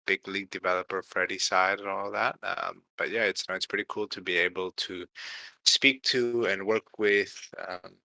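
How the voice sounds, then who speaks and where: A man's voice: deep voice, vocal fry, sharp tone, dry recording, rough recording. A tired man hosting a casual community call, rambling with many fillers and tags like "right?". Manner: rambling, heavy fillers, tired late-night tone. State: tired, yawning. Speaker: community host. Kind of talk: casual livestream chat.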